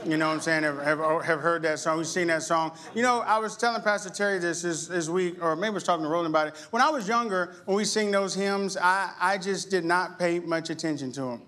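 A middle-aged male pastor preaching a sermon in an animated way, with sudden high exclamations and call-and-response with the congregation. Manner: acts out voices of others in quick asides.

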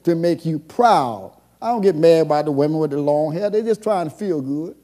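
A man preaching a sermon as pastor, moving between hushed passages and shouted calls. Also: a little high, expressive, normal speed. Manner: call-and-response preaching, swings from soft to shouting.

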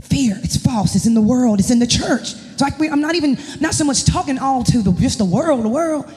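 A woman's voice: high voice, expressive, brisk, mellow. A woman, a pastor's wife and worship leader, preaching an emphatic, impassioned sermon in a church. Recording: long echoing reverb of a church hall.

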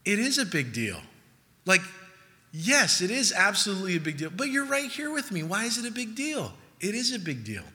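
Male pastor, sermon, urgent and emphatic, very bright tone, long hall reverb. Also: sits high, huge pitch swings, moderate pace. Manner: emphatic, rising to urgent peaks, then hushed storytelling.

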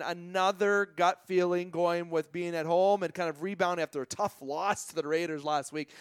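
A man's voice: high voice, clear, resonant tone, dry recording. A man hosting a casual sports podcast, joking and self-deprecating as he runs through his picks. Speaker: podcast host.

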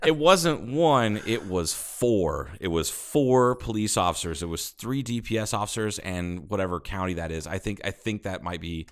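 Low, smooth-voiced man telling a story. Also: normal speed, hardly any pauses. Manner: animated, swearing, laughing storyteller. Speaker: podcast co-host. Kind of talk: casual storytelling chat.

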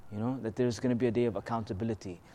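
Speaking at a racing pace, this man has a mellow, medium-pitched voice with a steady tone. As a religious teacher in a conversational lesson, he patiently explains, asks rhetorical questions, checks in with listeners often, and drifts into melodic recitation of Arabic verses.

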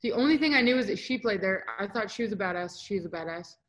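A chatty young woman tells her stories as a podcast guest, lively and loose. She talks casually and acts out what others said to her. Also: medium pitch, quick pace, poor audio. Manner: animated, chatty, acts out quotes. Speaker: volleyball player guest. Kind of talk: casual interview storytelling.

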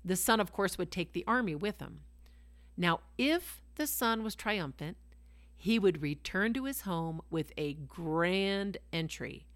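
Enthusiastic woman teaching scripture, low-pitched voice. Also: animated, unhurried, no echo. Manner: enthusiastic, exclaims and asks rhetorical questions. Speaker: Bible teacher and podcast host. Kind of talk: scripture reading and devotional teaching.

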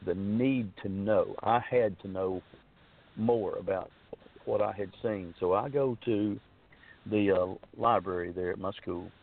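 A man's voice: on the low side, a little slow, vocal fry. A man earnestly telling a long personal story in a rambling, casual way, full of restarts and fillers. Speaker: guest telling his story. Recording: tinny phone line.

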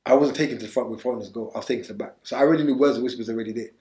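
A man's voice: mid-range voice, very fast, darkish tone. A man from England, telling his story as an interview guest in streetwise slang, urgent and repetitive. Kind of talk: candid storytelling. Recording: echoey room.

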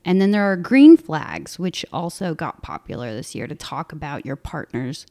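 A woman's voice: deep voice, very animated, normal speed, warm tone. A woman co-hosting a political podcast, chatty and explaining things, often laughing. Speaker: podcast co-host. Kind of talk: casual political podcast chat.

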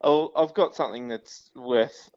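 A man's voice: mid-range voice, a little slow, darkish tone, no room sound, natural voice. A man playing a cheeky, rambling caller on a comedy phone-in bit, heard over a muffled, lo-fi line. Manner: rambling, giggly. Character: cheeky male caller named Steve. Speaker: prank caller.

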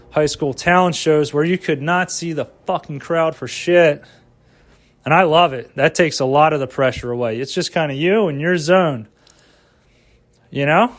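A man in his home kitchen, rambling profanely and talking to himself about comedy and his week. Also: fairly high pitch. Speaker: vlogger and amateur stand-up comic. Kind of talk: rambling casual monologue.

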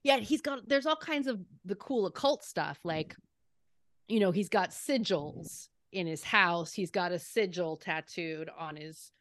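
A woman's voice: fairly low pitch, animated, unhurried, no room sound. A woman guesting on a movie podcast, talking eagerly about occult lore and laughing often. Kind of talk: casual movie podcast chat.

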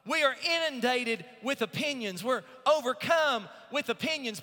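A male pastor preaching a sermon, drawing out scripture slowly and rising into emphatic swells. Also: very high voice, animated, sharp tone. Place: church sanctuary. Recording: long reverb of a church sanctuary.

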